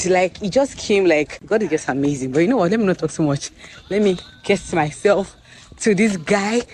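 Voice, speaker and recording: A young Nigerian woman with a Nigerian accent, chatting excitedly in a casual vlog to a phone camera, with pidgin-tinged phrasing. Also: fairly low pitch. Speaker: vlogger and author. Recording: echoey room with faint background ambience.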